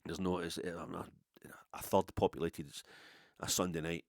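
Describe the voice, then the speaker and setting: A man's voice: low voice, little pitch movement, normal speed, gravelly, no room sound, clean studio sound. A middle-aged Scottish man, a podcast host, telling a long rambling story in a casual, self-deprecating way. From Scotland.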